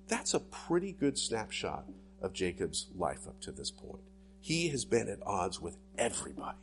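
Male pastor, lively sermon delivery, swings up and down in pitch, dramatic asides, faint guitar behind. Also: moderate pace. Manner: animated, dramatic voicing of inner thoughts.

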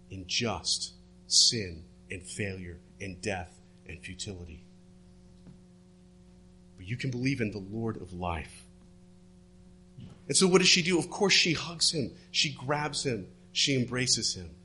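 A man preaching a sermon, retelling a story and dropping his voice low and soft for the quoted words. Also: lively intonation, slow pace, pauses often, a little hiss or hum. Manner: storytelling, drops to hushed tones for quoted words.

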